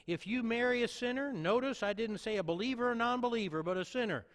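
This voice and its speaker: Pastor, male, high-pitched, earnest sermon delivery with emphatic repeats, long hall reverb. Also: fast talker, a bit bright. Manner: earnest preaching with repetitions for emphasis.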